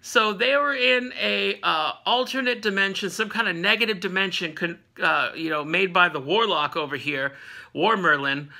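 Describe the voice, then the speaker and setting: A man with a fairly high voice and a very bright, sharp tone, recapping a comic issue as an offhand chat. He is jokey and slangy, and he keeps jumping into quick impressions of the characters. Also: vocal fry. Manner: animated, jokey, slangy, acts out characters' lines. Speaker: comic book recap host. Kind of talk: casual comic recap storytelling.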